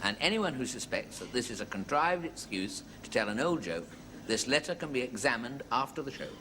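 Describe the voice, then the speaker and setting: A man's voice: mid-range voice, expressive, brisk. A man telling a rambling joke in a wry stand-up monologue. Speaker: comedian. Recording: noisy live stage recording. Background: audience laughter.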